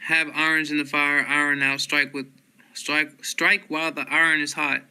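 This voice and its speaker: A man reads a dictionary aloud word by word, stumbling and restarting now and then. His voice is bright and clean in tone. He delivers every entry at one unbroken, level pitch, like a list. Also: normal speed, smooth. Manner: flat word-by-word listing with stumbles. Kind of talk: reading dictionary entries aloud.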